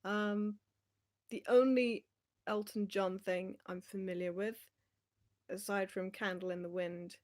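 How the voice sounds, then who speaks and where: A woman's voice: medium pitch, fairly even intonation, measured pace, long pauses, a little mellow. A young woman chatting casually on a livestream, rambling and laughing often as she talks. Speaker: livestream host.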